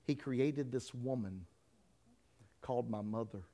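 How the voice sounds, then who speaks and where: A man preaching a sermon and telling his own story. He talks straight to the congregation and moves between quiet storytelling and shouted preaching. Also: mid-range voice, measured pace. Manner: addresses the congregation directly. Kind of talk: sermon with personal testimony.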